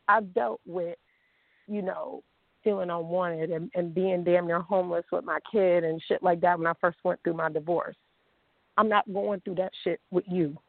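A woman's voice: on the low side, gravelly, no room sound. A woman vlogger in a blunt, profane, confrontational unscripted rant, calling someone out. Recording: dry, tinny phone-like sound.

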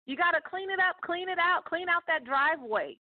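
A woman's voice: extremely high pitch, animated, fairly quick, no echo. A woman hosting a morning podcast, talking casually as a success coach, chatty and motivational, speaking straight to her listeners. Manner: chatty, preachy, addresses listeners directly. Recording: tinny phone-like line, dry.

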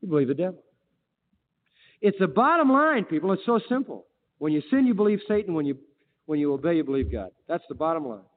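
A man's voice: a little high, expressive, fairly quick. A male preacher delivering a sermon, emphatic, firing rhetorical questions and quoting scripture. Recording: tinny phone-like line with long reverb.

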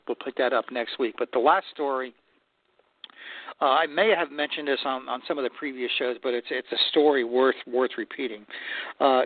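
A man hosting a stone and tile advice show, telling stories to listeners in a relaxed, folksy way and often repeating words as he thinks. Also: mid-range voice, no room sound. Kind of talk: casual storytelling to listeners. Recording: dry tinny phone-line sound.

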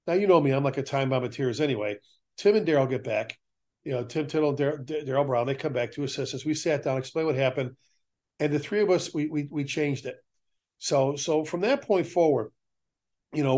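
Animated middle-aged man telling stories. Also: a little high. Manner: animated storyteller acting out quoted voices. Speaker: fire service podcast host. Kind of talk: storytelling in casual chat.

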